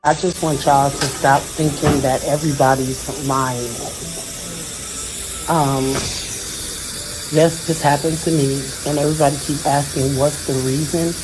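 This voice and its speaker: A man's voice: on the high side, level tone, a little slow. A man speaking on a livestream from a dentist's office, emotional, earnest and defensive, rambling and repeating himself. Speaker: social media personality speaking on a livestream. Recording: noisy phone livestream audio.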